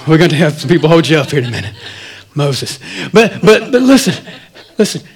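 A man, the pastor, preaching a sermon in a church, swinging between loud, animated stretches and quiet asides. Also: a little high, brisk, poor audio.

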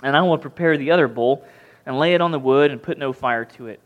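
A man preaching a sermon as pastor, reading scripture and acting out scenes with mocking, lively voices. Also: mid-range voice, fast, narrow, tinny audio. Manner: animated, mocking voices when retelling the story.

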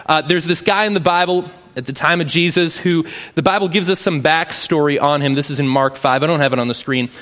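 A pastor gives a sermon in a relaxed, conversational way, often ending his points with a quick "right?" His slightly high voice is followed by a long reverb, as if in a large church hall.

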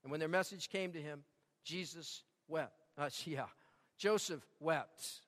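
Male pastor, high bright voice, emphatic repetition, church hall reverb. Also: moderate pace. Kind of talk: sermon.

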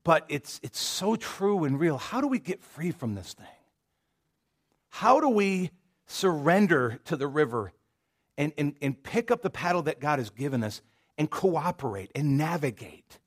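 A male pastor with a drawl preaches to his congregation in a casual, storytelling manner, trailing off into asides and restarting his sentences. His voice sits a little high for a man. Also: sing-song, measured pace. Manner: folksy and conversational, with many restarts and asides. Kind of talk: sermon. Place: church sanctuary.

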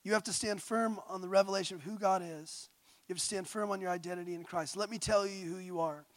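High-voiced man preaching with passion. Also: fairly even intonation, fast talker, dry recording. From California, USA. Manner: passionate, swings from quiet intimate tones to loud exhortation. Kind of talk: sermon.

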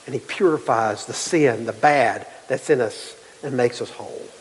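Emphatic preacher in a reverberant sanctuary. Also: male voice, medium pitch, slightly rough. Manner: preaching with climbing intensity and emphatic repetition. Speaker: pastor. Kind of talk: sermon.

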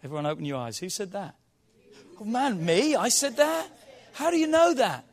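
A man with a notably high voice preaches in a church. He teases the congregation with questions, then reads scripture slowly and swells into emphatic calls. His delivery is conversational and punchy. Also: sing-song. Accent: non-local accent. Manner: playful, quizzing the audience, then preaching with rising emphasis. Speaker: pastor. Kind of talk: sermon.

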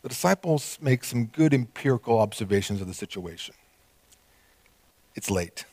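A male pastor preaching a sermon, animated and conversational, acting out quoted voices with small laughs. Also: mid-range voice, moderate pace, breathy edge, dry recording.

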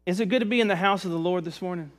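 A man from the Virginia mountains preaching a sermon in a relaxed, conversational way, joking with the congregation. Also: high voice, racing. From Virginia mountains, USA. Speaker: pastor. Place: church service.

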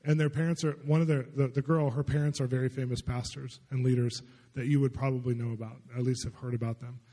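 Pastor guy chatting through a sermon, mellow husky voice, lots of "like", big echoey hall. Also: mid-range voice, little pitch movement, quick pace. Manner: conversational, chatty, lots of filler "like". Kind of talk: storytelling sermon. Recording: long reverb in a large hall.

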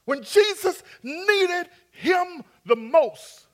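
A man's voice: very high voice, lively intonation, drawn-out words. A man preaching a sermon, acting out scripture scenes and coaxing his congregation to respond. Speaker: pastor.

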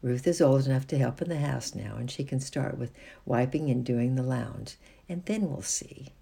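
A firm, doubtful aunt, voiced by a storybook reader who lays down the household rules in measured terms. Her voice is gravelly and husky, with a dark, mellow tone. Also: medium pitch.

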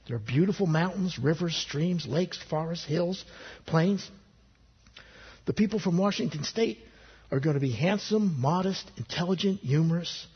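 A man's voice: fairly high pitch, lively intonation, normal speed, husky, big-room sound, muffled recording, voice pushed up. A man voicing God as a proud, cheerful creator in a joke he tells from the pulpit.

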